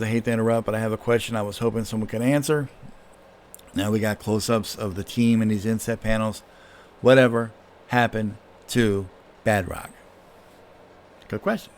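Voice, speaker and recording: A man's voice: mid-range voice, a little hiss or hum. A man casually reading through and critiquing a comic book, with an offhand manner and frequent fillers. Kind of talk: casual read-through commentary.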